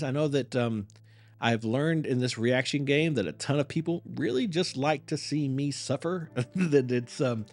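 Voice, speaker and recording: A man's voice: mid-range voice, unhurried. A man hosting a live reaction stream, chatting casually with viewers in a rambling, apologetic and self-mocking way.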